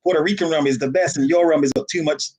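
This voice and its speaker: A brash, heated man insists his rum beats all others, as a man puts him on. The voice sits higher than usual and lands each claim with force. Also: fairly even intonation, fast, a little mellow, slightly rough. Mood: insistent. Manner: emphatic, heated.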